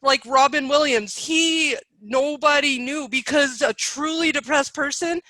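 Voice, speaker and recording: A woman's voice: high voice, a little slow, bright, forceful tone, dry recording, poor audio. A woman in her thirties hosting a podcast, talking in an emotional, spiritual, chatty way. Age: 30s. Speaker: podcast host. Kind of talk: casual interview chat.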